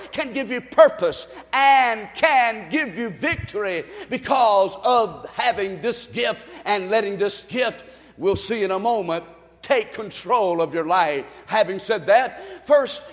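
A man preaching a sermon, leading the congregation to repeat after him and building to shouts. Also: sits high. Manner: call-and-response preaching, rising to shouts. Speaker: pastor. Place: church sanctuary. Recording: long reverb of a church hall.

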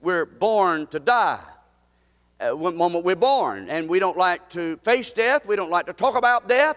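A pastor preaching with a notably high-pitched voice, leaning hard on repeated phrases. His sermon rings out with the long reverb of a church hall. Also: sing-song, measured pace, a bit bright.

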